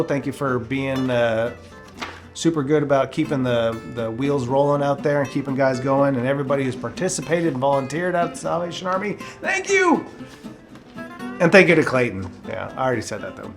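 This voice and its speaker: A man's voice: medium pitch, a little fast, over music. A man hosting a casual morning show, encouraging and upbeat. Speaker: host.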